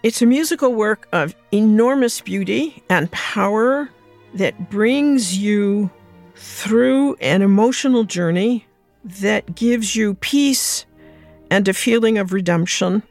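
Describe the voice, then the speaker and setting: Reflective woman musicologist, gravelly edge. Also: mid-range voice, takes it slowly, darkish tone, faint music behind. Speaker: musicologist guest. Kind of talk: interview answers.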